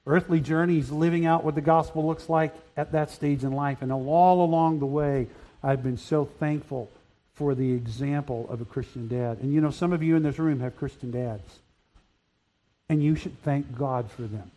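Older guy preaching in a church, pretty high voice, gets loud and earnest. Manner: earnest preaching, rising to loud emphatic peaks. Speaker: pastor. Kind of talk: sermon. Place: church hall.

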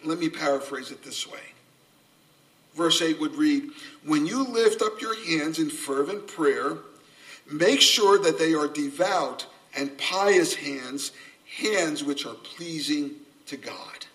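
An older man preaching a sermon, earnest and gently humorous, a self-described subdued speaker. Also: a little high, slow pace. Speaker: pastor. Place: church sanctuary. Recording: voice from a distance off the mic.

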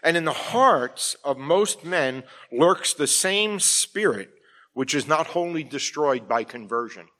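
Middle-aged male pastor, slightly high voice, emphatic sermon delivery with frequent rhetorical check-ins. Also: animated, slow pace, pushed and bright.

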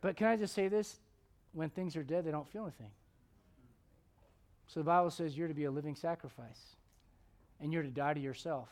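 A man preaching a sermon as a pastor, swinging from loud emphatic lines to hushed ones, with joking asides. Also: on the high side, fairly quick, long pauses.

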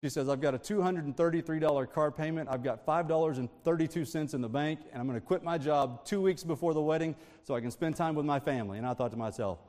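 Laughing preacher in a reverberant sanctuary. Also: male voice, on the high side, fast, few pauses, darkish tone, a little hiss or hum. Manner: storytelling with frequent laughs and asides. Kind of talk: sermon.

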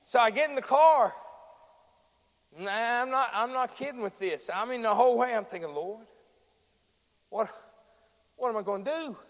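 High-voiced preacher shouting in a hall. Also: male voice. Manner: builds from quiet storytelling to shouted preaching with drawn-out fillers. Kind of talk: sermon.

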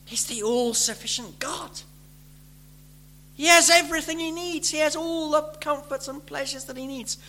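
A man preaching a sermon, building from gentle explanation to fervent, pleading emphasis. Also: extremely high pitch, moderate pace.

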